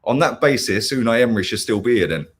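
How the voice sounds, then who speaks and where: A man's voice: medium pitch, lively intonation, quick pace. An angry man hosting a heated football chat, swearing and constantly tagging "yeah? right?" onto his points. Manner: ranting, swears, keeps asking "yeah? right?". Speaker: football fan channel host.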